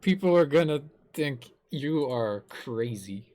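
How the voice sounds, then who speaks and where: A live streamer in casual gameplay chat, with a lively, bouncing pitch and an unhurried way of talking. They giggle often, poke fun at themself and curse casually.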